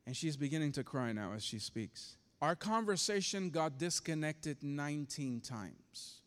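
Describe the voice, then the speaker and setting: A man's voice: mid-range voice, long reverb tail. A man preaching as pastor, telling a story with passion and acting out the voices in it.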